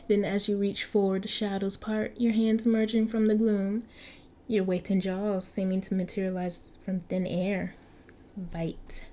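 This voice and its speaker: A woman's voice: mid-range voice, dark tone. A woman reading an interactive story aloud, often stumbling and restarting over words, with chatty asides to her viewers. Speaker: story narrator.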